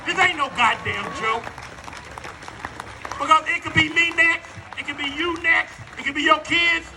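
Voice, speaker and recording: A man's voice: very high-pitched, moderate pace, crowd noise, noisy background. A middle-aged man giving a fiery, profane protest speech at an outdoor rally, repeating his rallying lines. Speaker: rally speaker.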